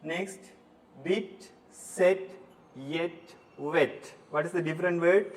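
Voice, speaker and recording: A man teaching a recorded English lesson from Sri Lanka, drilling words slowly one at a time. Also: on the high side. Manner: slow, deliberate word-by-word drilling. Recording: distant mic, faint room noise.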